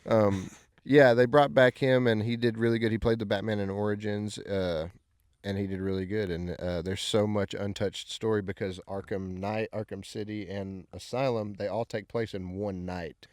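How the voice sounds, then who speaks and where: A man's voice: lowish voice, fairly even intonation, moderate pace, a little mellow, no room sound. Rambling young man, dry close sound. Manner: rambling, laughs often, many fillers. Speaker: podcast co-host. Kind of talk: casual chat.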